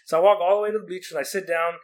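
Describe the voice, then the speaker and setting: A man's voice: high voice, steady tone, very fast. A young man from Oregon casually telling stories from his school days, rambling with lots of restarts and acting out quotes. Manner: rambling, many likes and restarts, acts out quotes. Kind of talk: casual storytelling.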